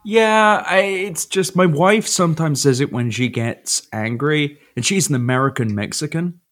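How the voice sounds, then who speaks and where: A man's voice: on the high side, moderate pace, fairly bright tone. A man from Britain co-hosting a podcast, sardonic and sweary, mocking himself in casual chat. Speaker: podcast co-host.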